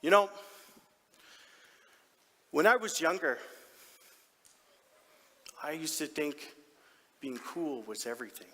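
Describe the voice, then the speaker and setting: An actor playing a doting, proud middle-aged hockey dad in a theatrical stage monologue, telling his story in an animated, heartfelt way with sudden soft drops. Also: on the high side, husky, heavily acted. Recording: long theatre hall reverb.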